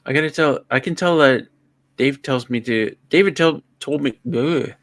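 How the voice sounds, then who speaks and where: A man hosting a casual livestream, an animated joke-teller. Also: mid-range voice, moderate pace, dry recording. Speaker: livestream host. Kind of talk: casual chat.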